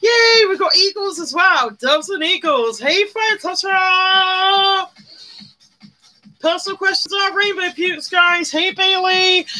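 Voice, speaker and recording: A woman's voice: extremely high pitch, sharp tone, poor audio. A woman hosting a chatty live stream while doing her makeup, greeting viewers by name, squealing and humming along. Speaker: livestream host. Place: indoors at home, live streaming. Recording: faint music behind.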